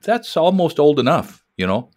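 A man's voice: fairly high pitch, sing-song, normal speed, a little mellow. A man in his sixties co-hosting an interview, chatty and reflective, often restarting his sentences. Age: 60s. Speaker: co-host. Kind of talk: casual interview.

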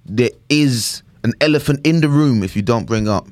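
A man's voice: medium pitch, normal speed. A young man hosting a casual podcast, talking in a rambling, chatty way and often asking "do you know what I mean". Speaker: podcast host.

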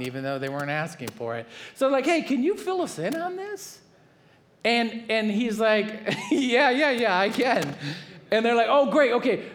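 A male pastor preaches with a voice that sits noticeably high for a man. He delivers the sermon in an animated way, acting out the people in his stories and often restarting his sentences.

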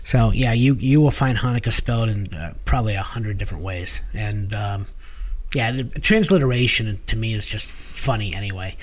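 A man's voice: on the low side, moderate pace. A man co-hosting a podcast, explaining things in casual chat with many fillers and restarts. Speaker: podcast co-host.

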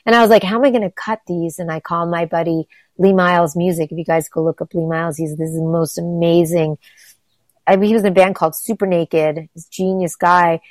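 A middle-aged woman from the United States talks in a lowish voice, gushing and rambling with lots of "like" and "um". The sound is dry and close, with little room around it. It is casual interview chat. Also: dry recording. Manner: enthusiastic, rambling, lots of fillers. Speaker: interview guest, singer and voice actress.

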